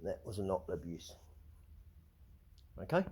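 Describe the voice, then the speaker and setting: A man's voice: low-pitched, very animated, takes it slowly, mellow, husky. A middle-aged Australian man hosting his own channel, ranting agitatedly with frequent swearing and repeated, restarted words. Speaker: vlog host. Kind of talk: ranting monologue.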